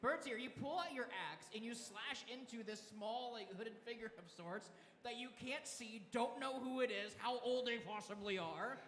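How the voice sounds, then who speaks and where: A man's voice: very high-pitched, normal speed, a bit bright. A man narrating a tabletop game as dungeon master, laughing often as he describes the action, recorded in an echoey hall. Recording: echoey hall with live crowd.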